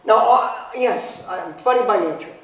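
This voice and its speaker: A man in his forties giving a humorous personal talk, telling a story in a sarcastic way, with sudden loud exclamations. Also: sits high, normal speed. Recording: very echoey hall from far off.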